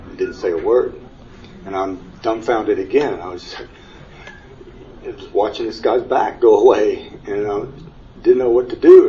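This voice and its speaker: A man's voice: lowish voice, warm tone. A middle-aged man giving an earnest personal testimony to a conference audience, his storytelling growing emotional when he is moved. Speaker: panel speaker sharing his near-death experience. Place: conference room before an audience. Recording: distant, dull mic with faint hiss.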